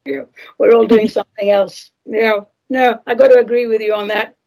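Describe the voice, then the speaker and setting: A woman's voice: on the high side, fairly even intonation, normal speed, creaky, warm tone, highs cut off. A woman hosting a spiritual radio talk show, speaking earnestly and asking her guest leading questions. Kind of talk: conversational interview.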